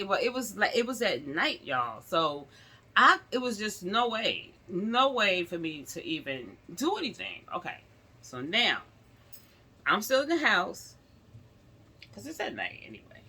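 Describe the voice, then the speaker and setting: A woman's voice: medium pitch, pushed and bright, breathy edge. A woman vlogger chatting to her viewers in a rambling storytime, often calling them y'all.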